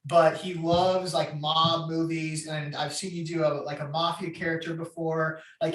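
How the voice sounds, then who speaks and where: A young man co-hosting a comedy podcast, telling stories casually and trailing off quietly. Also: on the high side, distant mic, slight background noise. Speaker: podcast co-host. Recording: roomy, away from mic.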